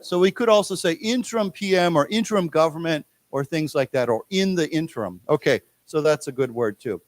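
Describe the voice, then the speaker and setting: American guy teaching english, slightly high voice, dry close sound, explains slowly and makes the class repeat words. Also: lively intonation, no room sound. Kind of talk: English lesson for Chinese speakers. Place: lecture room in a library.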